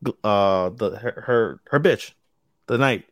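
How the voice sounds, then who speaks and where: In a clean studio recording with no echo, a man with a fairly low voice talks slowly as he co-hosts a laid-back podcast. Recapping an episode, he wanders off track, swears freely, and gropes for names he forgets mid-sentence.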